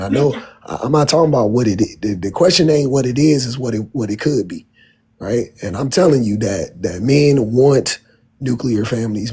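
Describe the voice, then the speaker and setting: A man's voice: mid-range voice, dark tone, slightly rough. A man arguing bluntly and mockingly in a heated debate.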